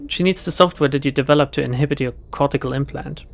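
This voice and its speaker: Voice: mid-range voice, quick pace, gravelly, close to an everyday voice. A streamer reading the lines of a blunt, pushy mercenary runner in a plain, slightly threatening tone. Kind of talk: reading game dialogue aloud.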